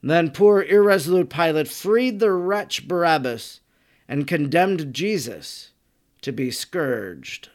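Solemn, higher-voiced male narrator. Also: animated. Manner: solemn, measured reading. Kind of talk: audiobook reading of a religious text.

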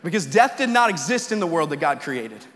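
A man's voice: on the high side, big pitch swings, brisk, fairly bright tone. A man preaching a conversational sermon as a pastor, often tagging "right?" and climbing into fervent pleas. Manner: conversational preaching, tag questions, rising to fervent quoted pleas. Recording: long hall reverb.

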